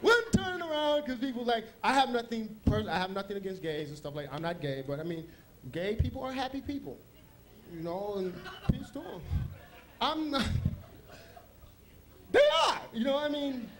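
A man's voice: very high-pitched, very animated, normal speed, pauses often, a bit bright. A man doing a stand-up comedy set on a club stage, telling loose, rambling stories with asides.

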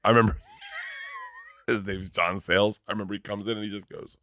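Low-voiced man telling a wild story. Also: no echo. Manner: animated, halting storytelling with restarts and swearing. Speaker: guest comedian. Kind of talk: casual podcast storytelling.

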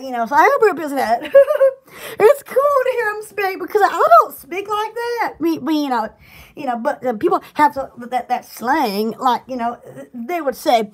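A woman from Alabama chats with her viewers at home in a very high, squeaky voice that leaps up and down in lively swoops. She rambles and giggles, restarting her sentences and bursting into excited little exclamations. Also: moderate pace. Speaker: vlogger chatting to viewers. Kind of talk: casual chat.

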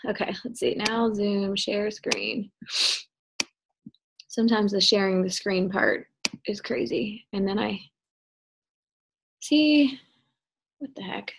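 A woman coach leading a video call, chatty and energetic, rambling with fillers. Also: medium pitch, slow, vocal fry, long pauses, background noise. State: out of breath. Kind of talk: casual call chat. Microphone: computer mic on a video call.

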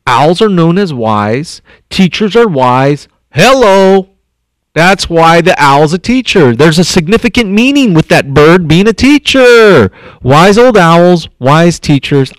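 The district superintendent, a man with a slightly high voice, reads unhurriedly to young elementary school children, stopping often to think aloud and comment in an animated way between passages of the picture book. There is no room sound.

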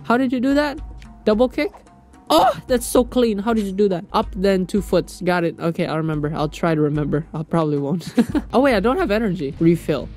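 A young man giving casual gameplay commentary, excitable, yelping, laughing often and swearing freely. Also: high-pitched, fairly quick, faint music behind. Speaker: gaming channel host.

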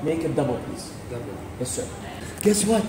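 A man chatting casually on a campus while filmed, joking and teasing his friends in an animated way. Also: a little high, normal speed. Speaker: visiting guest speaker. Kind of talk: casual vlog chat. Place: outdoors on a university campus. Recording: echoey with loud crowd noise.

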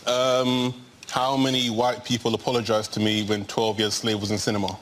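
A young man from England doing a stand-up routine in a TV studio, talking with quick stammering restarts. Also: fairly low pitch, flat delivery, fairly bright tone, slight background noise. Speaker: comedian guest. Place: TV studio with audience.

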